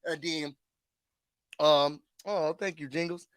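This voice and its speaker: A man with a high, bright, sharp voice gives a casual reality-show recap to his viewers. He talks in a chatty, animated way, with laughs and dramatic asides. The sound is dry and close. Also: slow pace, clear, resonant tone, no room sound. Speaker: YouTube host.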